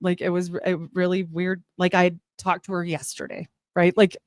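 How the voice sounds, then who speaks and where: A middle-aged woman giving a personal testimony as a guest, rambling and animated, with laughs and asides. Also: on the low side, moderate pace, no echo, studio quality.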